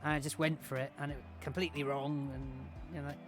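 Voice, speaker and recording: A man's voice: a little high, flat delivery, fast talker, over music. A man chatting in a rambling, self-mocking way while commentating his own gameplay on a stream. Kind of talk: casual game-stream commentary.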